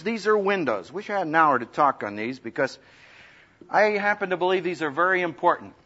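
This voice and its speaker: A man giving a humorous, lively talk to students on how to preach, acting out the voices he quotes. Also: mid-range voice. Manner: animated, humorous, acts out quoted voices loudly. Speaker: preacher teaching speaking skills. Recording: dull lo-fi recording.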